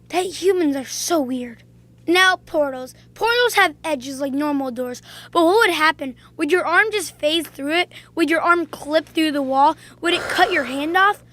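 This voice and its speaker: Woman, vlogger, casual storytelling, very high voice, playful, um-filled. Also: unhurried, a bit bright. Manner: chatty, playful, with frequent "um"s. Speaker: video creator.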